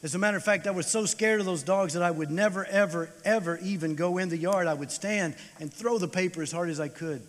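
Animated older man preaching in a chapel. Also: high-pitched, fast talker, few pauses. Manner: animated, swinging from loud bursts to hushed tones. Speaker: chapel speaker. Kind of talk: storytelling sermon. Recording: long hall reverb.

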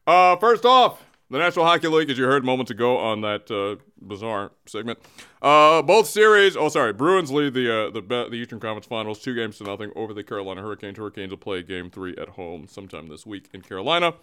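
A man hosts a comedic sports show in a bright, clear voice that swings widely in pitch. He is loose and self-mocking, and keeps cracking up as he reads his news bits. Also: expressive, quick pace. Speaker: podcast host and news reader.

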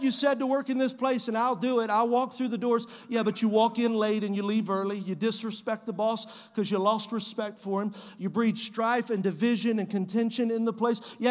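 Man, pastor, sermon, very high voice, emphatic repetition, long church-hall reverb. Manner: preachy, repeats phrases, rising to shouts. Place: church sanctuary.

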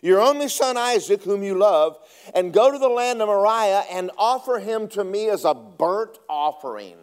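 A man quoting God's commands in a raised, slowed sermon voice. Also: high-pitched, expressive, smooth, pitched above the performer's own voice. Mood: commanding. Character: demanding God speaking to Abraham.

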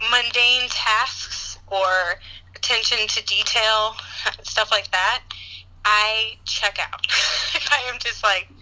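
A woman telling a personal story in a casual chat, animated and full of laughter and "like" fillers. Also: medium pitch, low-quality recording. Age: adult parent. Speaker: guest answering questions.

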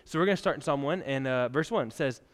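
A man's voice: medium pitch, fast. Chatty young male pastor, reverberant hall. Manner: chatty, laughs often, many fillers like "like". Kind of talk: casual conversational sermon. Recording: long church hall reverb.

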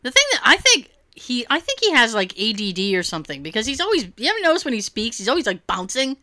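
A woman co-hosting a casual podcast chat, animated, laughing often and swearing freely. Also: a little high, fast, dry recording, clean studio sound. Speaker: podcast co-host.

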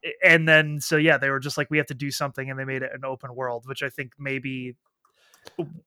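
A man's voice: medium pitch, level tone, brisk, pushed and bright, smooth, dry recording, studio quality. A young man in casual chat about games and films, blunt and opinionated, swearing freely.

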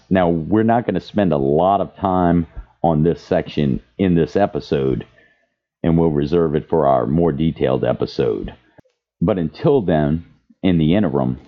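A man hosting a podcast, speaking with passion and reading quotes aloud. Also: extremely low pitch. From Louisiana. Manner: impassioned, reads quotes aloud. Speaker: podcast host. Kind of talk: advocacy podcast commentary. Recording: dull lo-fi sound.

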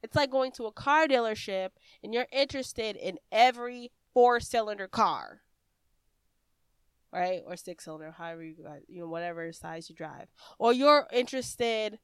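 Chatty American woman, smooth dry voice. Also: mid-range voice, animated, normal speed, no echo. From United States. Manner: chatty, rambling, with many fillers and restarts. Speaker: podcast host. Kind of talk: casual instructional podcast talk.

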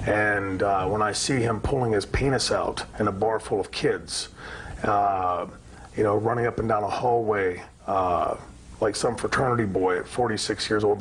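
A man's voice: on the low side, slight background noise, low-quality recording. A man in an archive interview clip, speaking earnestly and hesitantly with many fillers. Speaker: interviewed wrestler.

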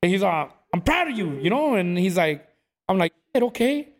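A man's voice: sits high, normal speed. A man telling stories in a casual chat, acting out what people said. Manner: animated storyteller, acts out quotes, says "bro" a lot.

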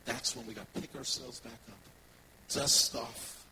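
A man, a worship pastor, preaching a sermon and telling personal stories in a conversational, animated way to his congregation. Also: medium pitch, unhurried, a little hiss or hum, low-quality recording.

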